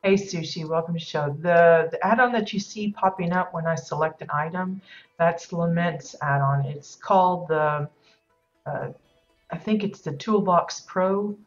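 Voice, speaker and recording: A woman streamer with a lowish, somewhat slow voice chats casually while decorating in a game, rambling and hesitating with lots of fillers. Her voice sounds a bit worn, as if she's losing it. The stream audio is dull and lo-fi, with music underneath.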